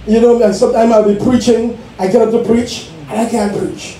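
Exuberant preacher, echoey church. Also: male voice, extremely high pitch, flat delivery, fairly quick, mellow. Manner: exuberant, calls for responses, laughs. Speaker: pastor. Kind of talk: Pentecostal sermon. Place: church sanctuary. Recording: echoey church room from far off, faint noise.

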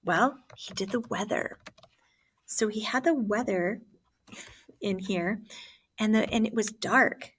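A woman teacher leading an online class, explaining ideas one example at a time. Her voice sits at a middle pitch. She talks in a plain, guiding way and speaks straight to her students. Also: slow, pauses often, husky.

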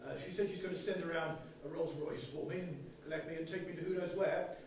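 Hear a man as a cheeky radio engineer of the 1920s, teasing and irreverent in his delivery. The voice sits high for a man. It is heard from far off in a very echoey hall. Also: fairly even intonation, fast, background noise, close to an everyday voice. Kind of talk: comic one-man stage play.

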